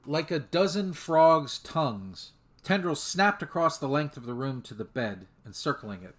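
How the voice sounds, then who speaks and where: A man narrating a fan audiobook in a measured, steady storytelling manner. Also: mid-range voice.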